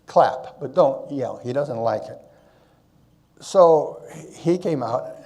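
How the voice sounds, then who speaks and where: A man's voice: medium pitch, takes it slowly. An older man giving a conference keynote, telling stories and handing out advice, with a habit of tagging his points with "okay?". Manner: animated, tag question "okay?" after points. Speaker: conference speaker. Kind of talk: storytelling keynote talk.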